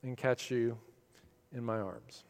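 A patient, protective mother rabbit, as a man reads her in a storybook. She speaks softly and low, gentle and sure. Long hall reverb hangs behind every word. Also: steady tone, slow. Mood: tender.

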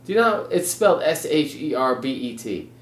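A young man in casual comedic chat, spinning deadpan absurd tangents. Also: mid-range voice, fairly quick. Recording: roomy echo.

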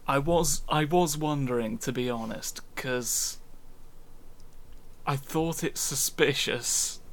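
A man co-hosting a comedy podcast chat, polite and wry, with a medium-pitched voice. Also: slow. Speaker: podcast co-host.

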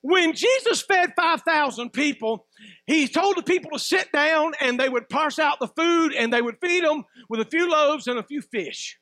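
High-pitched folksy preacher. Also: male voice, animated, moderate pace, no room sound. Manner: folksy, preacherly, swings between loud emphatic bursts and low asides. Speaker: pastor. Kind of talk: sermon.

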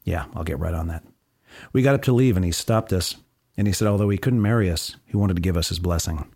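A man's voice: on the low side, fast talker, a little mellow, dry recording, studio quality. An American man reading his travel diary aloud with wry, sardonic asides. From United States. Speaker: narrator.

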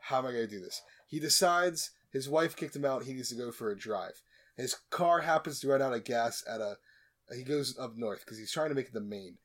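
A man in the host's chair walks his co-hosts through a movie's plot, loose and chatty. He jokes as he goes, trips over his words and circles back with little asides. His voice sits at an ordinary middle pitch for a man. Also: normal speed, fairly bright tone. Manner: joking, rambling, many asides and restarts. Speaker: podcast host. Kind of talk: casual comedic movie recap.

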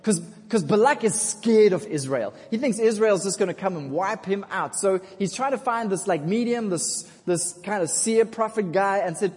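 A man's voice: high voice, expressive, moderate pace, few pauses, darkish tone. A man preaching a sermon in a casual, jokey storytelling manner, calling out to the congregation for responses. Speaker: pastor. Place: church. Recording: long church hall reverb.

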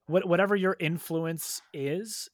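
An easygoing man chatting on a podcast, his voice sitting a little high for a man. He talks loosely with lots of fillers, and the sound is dry and close. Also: fairly even intonation, unhurried, dry recording. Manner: easygoing, heavy use of "like". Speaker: podcast guest co-host. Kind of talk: casual chat.

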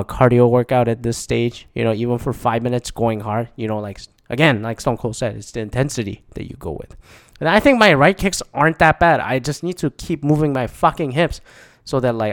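A man's voice: mid-range voice, no echo, clean studio sound. A man hosting his own show, talking alone in a rambling, profane way with frequent restarts. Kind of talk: casual solo monologue.

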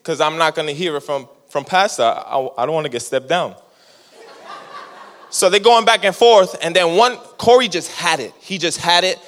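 A man preaching a sermon as a lively story, laughing often and acting out what people said. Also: a little high, normal speed. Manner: animated, laughing storyteller who acts out quotes. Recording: long hall reverb.

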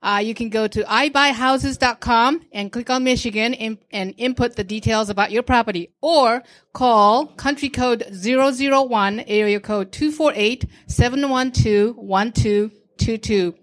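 A woman's voice: a little high, moderate pace, few pauses. Businesslike woman reading out a number. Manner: businesslike, repeating a phone number. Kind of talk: short announcement.

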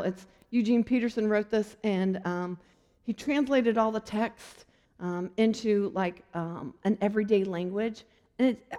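A woman's voice: mid-range voice, mellow, long reverb tail. A woman preaching a sermon in an earnest, conversational way with playful asides.

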